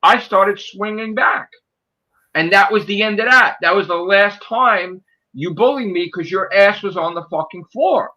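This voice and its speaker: A man in his forties tells stories in a casual chat, heated and profane. His voice sits high for a man and rings bright and forceful. He talks in an animated way. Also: measured pace, muffled recording. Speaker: podcast co-host.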